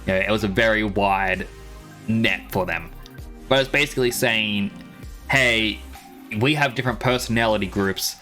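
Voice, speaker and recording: A man's voice: on the low side, fairly bright tone. Man rambling on a live stream, dry-throated. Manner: rambling, chatty, laughs often. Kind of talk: casual live-stream chat.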